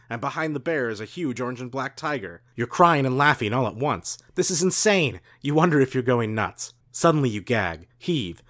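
A man reads a storybook aloud with dramatic, playful flair, punching out the sound effects. His voice is bright and forceful, at a middling pitch. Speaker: co-host reading aloud. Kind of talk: comic book reading.

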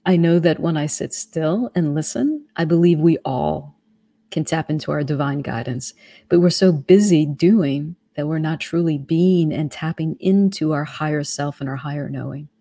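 A woman guest on a talk show, calmly explaining her ideas. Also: deep voice, normal speed, dry recording. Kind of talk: casual spiritual conversation.

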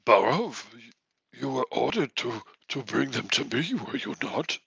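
A man's voice: mid-range voice, gravelly, slightly rough, no echo, voice pushed up, exaggerated voice. A game master voicing a very old, sedate and wise male minister in a tabletop game. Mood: calm authority. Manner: calm, measured authority.

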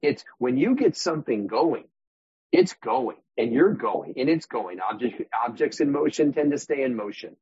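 Man, husky voice, animated podcast guest, dry, dull sound. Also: mid-range voice, moderate pace, dry recording. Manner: demonstrative, acts out inner voices, uses props as metaphors. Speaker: guest real estate agent. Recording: dull muffled podcast audio.

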